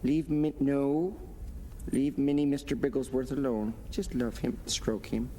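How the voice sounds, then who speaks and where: An actor playing a pompous, scheming male supervillain who speaks deadpan with theatrical pauses. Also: medium pitch, noisy background, close to an everyday voice. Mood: smug. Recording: film audio with reverb and music.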